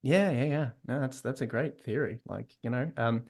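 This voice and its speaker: A man's voice: mid-range voice, moderate pace, vocal fry, darkish tone. A man hosting a casual writing podcast, talking in a hesitant way with many restarts. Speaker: podcast host and writer. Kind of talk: casual chat.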